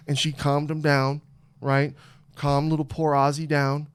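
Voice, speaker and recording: A young man hosting a podcast, telling a story in a lively, animated way, swearing often and acting out what people said. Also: fairly high pitch, moderate pace, smooth. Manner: animated, swearing, acts out quotes. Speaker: podcast host. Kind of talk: casual storytelling chat.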